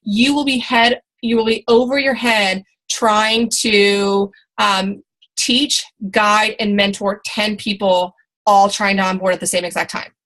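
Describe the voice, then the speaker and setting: A woman's voice: mid-range voice, steady tone, a little slow, a bit bright, poor audio. A woman in her thirties giving a motivational team training talk, chatty and encouraging, full of fillers and restarts. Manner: chatty, encouraging, many fillers and restarts, acts out quoted people.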